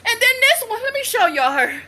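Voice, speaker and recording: Woman, 40s, home vlogger. Bright, lively, animated delivery with loud exclamations. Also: very high-pitched, brisk. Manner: excitable, loud exclamations, laughing and cursing. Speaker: vlogger and mother. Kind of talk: casual vlog. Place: at home, indoors.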